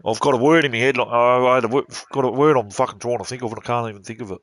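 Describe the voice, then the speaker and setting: A man's voice: mid-range voice, steady tone, racing, no room sound. An Australian man streaming a game, ranting bluntly and swearing as he talks. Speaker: gaming streamer. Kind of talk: casual ranting while playing.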